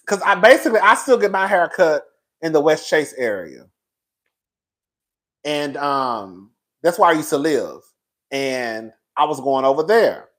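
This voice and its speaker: Sassy, profane vlogger. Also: male voice, fairly high pitch. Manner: loud, sassy, profane, laughs a lot. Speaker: YouTube commentary host. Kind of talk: casual storytelling vlog.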